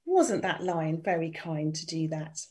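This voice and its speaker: This storyteller has a deep, unhurried voice as she reads a children's tale aloud. She performs it expressively, sinking into whispers and asking listeners to take part.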